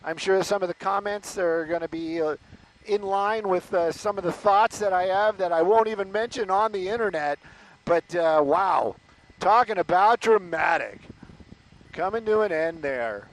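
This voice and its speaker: A man from the Los Angeles area, a news anchor giving chatty live commentary on a police chase, exclaiming and filling pauses with "uh". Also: high-pitched, rough recording. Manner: chatty, exclaiming, lots of fillers.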